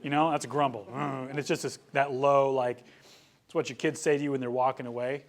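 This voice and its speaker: A young man preaching a sermon to young adults, animated and joking, with frequent storytelling asides. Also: medium pitch, brisk. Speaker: youth pastor.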